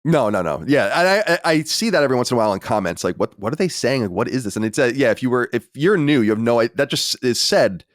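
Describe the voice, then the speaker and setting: A man hosting a podcast in casual chat, animated and reading listener letters aloud. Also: medium pitch, quick pace, hardly any pauses, dry recording, studio quality. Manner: animated storyteller, reads listener mail aloud. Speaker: podcast host.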